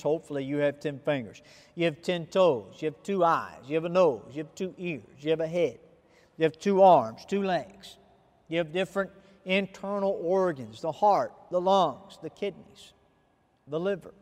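A man preaching a sermon to viewers, with a deliberate, emphatic delivery. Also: on the high side, darkish tone, big-room sound. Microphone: camera recording of a speaker addressing viewers.

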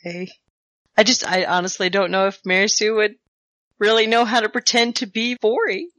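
A woman's voice: medium pitch, steady tone, moderate pace, a bit bright. A woman playing a tabletop role-playing game, asking questions and speaking in and out of character. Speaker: player. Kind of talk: tabletop role-play chat.

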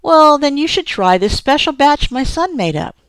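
A woman's voice: sits high, very animated, moderate pace, no room sound, voice pushed up. A woman reading the lines of a folksy, chatty elderly male whiskey distiller in an audiobook. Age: older.

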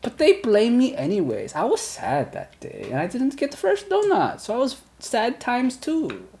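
A woman's voice: on the high side, wildly swooping pitch, moderate pace, mellow, pitched above the performer's own voice. A woman playing a simple-spoken, cheerful male Dragonborn warrior who loves donuts, talking in broken childlike grammar in a tabletop role-play.

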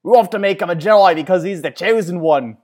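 A man voicing an old male Jedi master, putting on a loud mock Irish accent that slides into mock Australian. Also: fast. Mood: hammy. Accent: mock Irish drifting into mock Australian. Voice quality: loud, booming, exaggerated. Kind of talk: joking impression.

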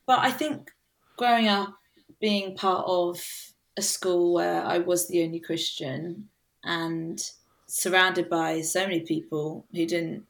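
Woman, from the UK, worship musician, earnest casual chat, lower voice. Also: fairly even intonation, takes it slowly, gravelly. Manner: earnest, casual, frequent fillers and laughs. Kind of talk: podcast interview conversation.

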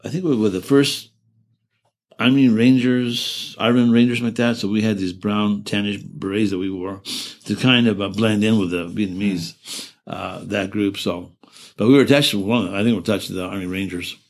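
Halting, deep-voiced man in his seventies. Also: steady tone. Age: 70s. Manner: halting, with frequent restarts and self-corrections; earnest and emotional while recounting. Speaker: interviewee. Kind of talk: oral-history interview recollection.

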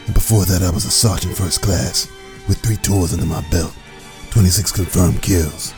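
A man playing a crude, deep-voiced war veteran. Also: normal speed, music in the background, lightly acted. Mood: boastful gruff. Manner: gravelly drill-sergeant bravado, crude war stories. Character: gruff grizzled male army veteran, boastful and crude. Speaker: parody safety-ad soldier.

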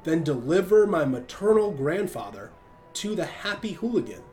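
A man reading the part of a bitter young father who speaks tersely and flatly. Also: on the high side, normal speed. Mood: sullen. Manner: flat, terse.

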